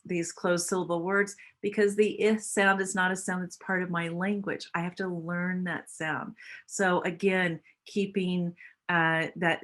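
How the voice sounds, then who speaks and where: A woman with a slightly low voice gives an instructional talk on phonics. She explains patiently and slows down to sound out each phoneme for her listeners. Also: a bit bright. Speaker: literacy teacher trainer.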